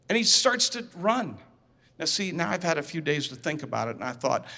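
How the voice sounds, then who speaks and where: A man telling a personal story to an audience, animated, acting out dialogue and repeating words as he goes, in a large reverberant hall. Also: high-pitched, a little fast. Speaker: speaker.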